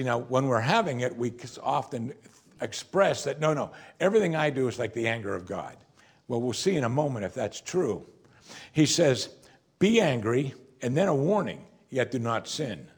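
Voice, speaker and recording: A pastor preaches a sermon, posing rhetorical questions to the congregation and swinging between emphatic rises and quiet, drawn-out drops. His voice is mid-range and slightly rough.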